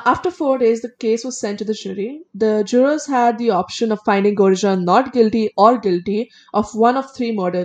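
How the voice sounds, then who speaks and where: A woman's voice: on the high side, darkish tone. A woman recounting a criminal case in a casual podcast chat, reading out details and adding blunt opinions. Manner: reads case details then adds blunt opinions, some stumbles. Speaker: co-host.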